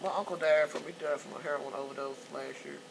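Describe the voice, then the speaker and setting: Gravelly middle-aged woman telling stories. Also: sits low, fast talker. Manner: animated storyteller, cusses freely, loud excited quotes. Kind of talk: casual chat. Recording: noisy background.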